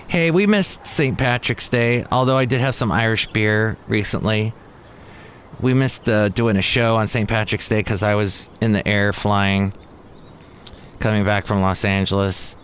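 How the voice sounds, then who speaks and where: A man's voice: fairly low pitch, a little hiss or hum. A man hosting a comic podcast in a goofy, jokey way, reading jokes aloud and slipping into silly voices. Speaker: podcast host. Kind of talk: comic solo podcast chat.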